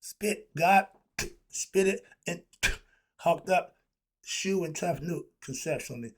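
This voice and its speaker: A man's voice: a little high, slow, noisy background. A man teaching philosophy in an informal, preachy way, full of rhetorical questions and asides.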